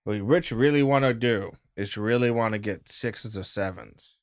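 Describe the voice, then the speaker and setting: A man's voice: on the low side, normal speed. A man playing a tabletop game, teasing and playful with his friends. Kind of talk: casual tabletop game banter.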